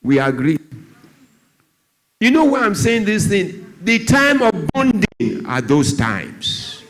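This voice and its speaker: A man's voice: big pitch swings, slow pace. A Nigerian man, a doctor who speaks on drug abuse, gives a church talk. He tells stories and acts out the voices of the people in them. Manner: storytelling, acts out dialogue, shifts pitch a lot.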